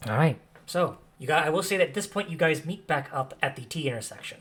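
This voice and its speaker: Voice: medium pitch, expressive, fast, a bit bright. A game master narrating a tabletop game, describing scenes patiently and explaining what the players know.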